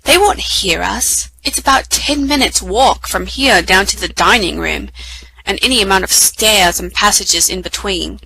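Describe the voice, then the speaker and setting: An eager, confident older boy holds forth in a storybook reading, as a woman puts him on. He sounds hearty and certain, in a bright voice. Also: mid-range voice, normal speed, gravelly, a little hiss or hum, rough recording.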